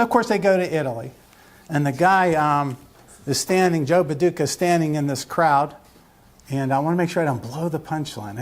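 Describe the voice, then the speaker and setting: A man giving a live lecture to a room of lawyers, rambling through a joke and asking the audience questions. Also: fairly high pitch. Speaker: lecturer at a legal education seminar.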